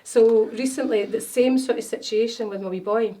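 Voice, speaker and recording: A woman's voice: a little high, steady tone, normal speed, mellow. Chatty woman, rambling. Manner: chatty, storytelling, many fillers and restarts. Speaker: wellness consultant guest. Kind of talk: casual interview chat. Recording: voice a bit far from mic.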